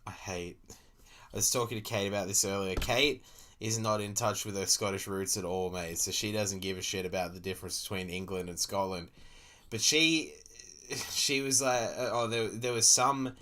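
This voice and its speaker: A man's voice: lowish voice, pushed and bright. A young Australian man streaming, ranting casually and profanely with sarcastic asides while reacting to a video.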